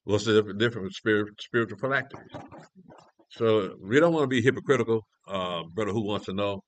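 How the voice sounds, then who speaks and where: Low-voiced man teaching scripture. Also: fast talker, slight background noise. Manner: conversational, restarts often, asks rhetorical questions. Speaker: elder teaching a prophecy class.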